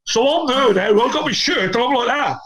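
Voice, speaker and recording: A man's voice: very high voice, expressive, brisk, fairly bright tone, poor audio. A middle-aged man, a former footballer, telling stories casually and swearing a lot. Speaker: podcast guest, former footballer.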